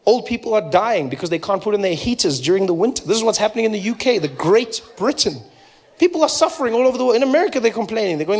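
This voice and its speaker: A South African man performing stand-up, his voice sitting high for a man. He tells animated stories and suddenly leaps into loud, shrill voices for the people he quotes. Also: quick pace, slightly rough. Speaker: stand-up comedian. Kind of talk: stand-up comedy set.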